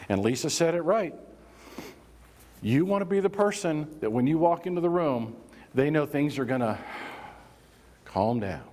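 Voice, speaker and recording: A man teaching a room full of staff, loose and conversational, tossing questions to the crowd and acting out little scenes. His voice sits at an ordinary middle pitch. The sound rings out with a long hall reverb. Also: a little mellow. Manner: conversational, engages audience with prompts and acted examples. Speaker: workplace safety trainer. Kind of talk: live training workshop talk.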